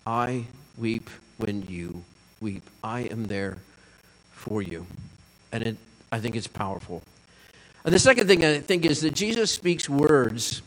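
A man's voice: mid-range voice, in a large hall, poor audio. A man preaching a sermon as pastor, earnest, asking the listeners questions and repeating lines for emphasis.

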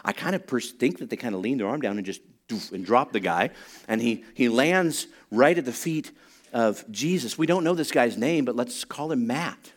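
Briskly and at a medium pitch, a man preaches a sermon, animatedly recounting a story, performing its characters' voices and adding humorous asides.

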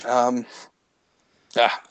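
A man co-hosting a podcast in casual chat, rambling and halting, with frequent laughs. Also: fairly bright tone, no echo, muffled recording. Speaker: podcast co-host.

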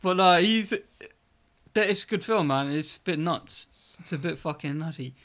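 A man's voice: fairly high pitch, normal speed, a bit bright. A young man co-hosting a podcast, swearing a lot and laughing often in casual chat. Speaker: podcast co-host.

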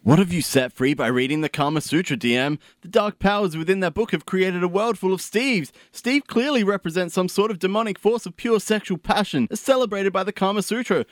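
A man's voice: high-pitched, a little fast, hardly any pauses, no echo, clean studio sound. A man playing an earnest, questioning player in a scripted comedy sketch. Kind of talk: scripted comedy role-play.

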